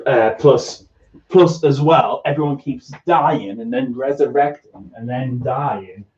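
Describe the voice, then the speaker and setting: A man with a Newcastle Geordie accent from Northeast England hosts a casual livestream chat, stammering and restarting his sentences a lot. His mid-range voice is slow and darkish in tone, and the sound is lo-fi.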